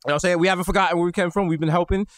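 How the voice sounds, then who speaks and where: A man's voice: high-pitched, fairly even intonation, very fast, no echo, clean studio sound. A man from the Bronx with a New York accent, co-hosting a podcast from home in loose, slangy, joking chat. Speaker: podcast co-host. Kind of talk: casual comedic chat.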